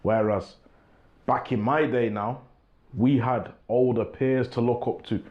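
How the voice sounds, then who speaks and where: With a mid-range, fairly even voice at a measured pace, this young English talk show host speaks casually straight to camera. The audio is dull, and his relaxed patter is full of "you get me."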